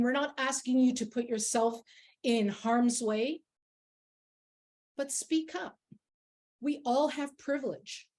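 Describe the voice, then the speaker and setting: A woman leading a workplace workshop who talks in an earnest, emphatic way and tells personal stories to make her points. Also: on the high side. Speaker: workshop facilitator. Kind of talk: workshop talk with personal anecdotes.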